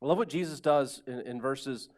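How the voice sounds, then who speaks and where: A man's voice: mid-range voice, normal speed. A man preaching a sermon in a conversational way, acting out little bits of dialogue. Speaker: pastor.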